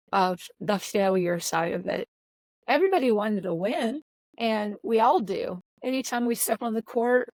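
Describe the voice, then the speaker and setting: A woman's voice: medium pitch, darkish tone, dry recording, low-quality recording. A middle-aged woman coach talking earnestly in an interview, often repeating words as she searches for her phrasing. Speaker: volleyball coach. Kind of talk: podcast interview.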